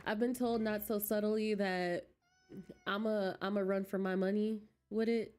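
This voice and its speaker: Woman streamer, chatty and giggly, slow and mellow, close desk mic. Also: mid-range voice, fairly even intonation, clean tone, faint music behind. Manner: chatty, giggly, talks to chat. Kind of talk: casual game stream chat.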